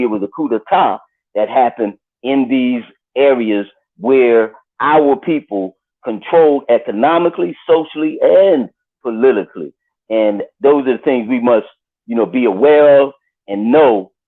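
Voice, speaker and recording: A male guest on a live stream, speaking in an earnest, measured way. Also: medium pitch. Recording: tinny phone-line call.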